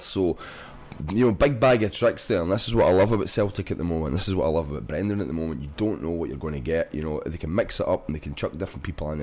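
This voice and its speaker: Fast-talking deep-voiced man. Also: darkish tone. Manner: rambling, frequent restarts and "you know what I mean". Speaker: podcast co-host. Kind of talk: casual football chat.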